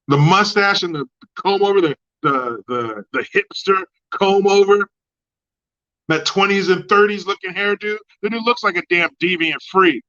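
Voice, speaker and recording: A man hosting a livestream, ranting in crude commentary and reading chat, with mocking jabs that swing from loud outbursts to low mutters. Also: moderate pace, muffled recording. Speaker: livestream host.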